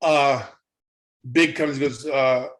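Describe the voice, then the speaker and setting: A middle-aged man, a guest in an interview, telling a story in a casual, animated way, often repeating his words as he goes. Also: mid-range voice, slow pace. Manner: animated retelling, acts out quoted voices, repeats words. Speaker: interview guest, former wrestling trainer.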